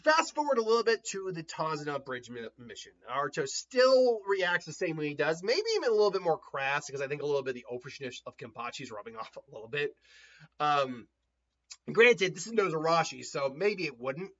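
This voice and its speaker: A man casually retelling a story in an animated way, often laughing and acting out voices, on a dull lo-fi recording. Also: on the high side, fairly quick.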